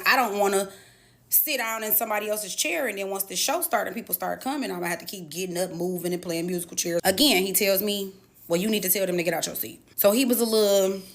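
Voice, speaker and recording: A woman casually telling her side of a story to camera, swearing freely and acting out what people said. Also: mid-range voice. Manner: animated, profane, acts out quotes.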